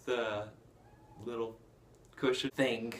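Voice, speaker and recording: A man casually recapping a film plot, rambling with lots of fillers and bursts of excitement. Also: mid-range voice, takes it slowly, slight background noise. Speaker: movie reviewer.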